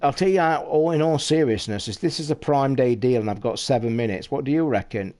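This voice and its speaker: A man from the United Kingdom with a British English accent is live streaming, chatting directly to his viewers. He's casual and quick to get excited, swearing constantly with a rushed edge, his voice at an ordinary middle pitch for a man.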